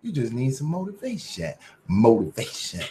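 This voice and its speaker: A man's voice: medium pitch, huge pitch swings, normal speed, warm tone. A man hosting a casual commentary livestream, talking in a profane, preachy, motivational way. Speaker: channel host.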